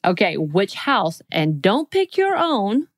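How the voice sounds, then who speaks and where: A woman's voice: mid-range voice, sing-song, slow, no echo. A woman co-hosting a podcast, reading out quiz questions in a playful, teasing way. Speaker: podcast co-host. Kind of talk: casual chat.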